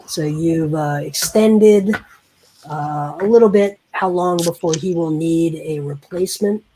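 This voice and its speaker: Low, slow woman running a game. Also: dark tone, slight background noise, low-quality recording. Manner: unhurried, hesitant with many fillers. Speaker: game master. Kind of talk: narrating a tabletop game.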